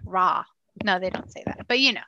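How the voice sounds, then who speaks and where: A woman co-hosting a podcast, chatting casually about a TV show and slipping into quick voices when she quotes people. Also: mid-range voice, highs cut off, noisy background. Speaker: podcast co-host.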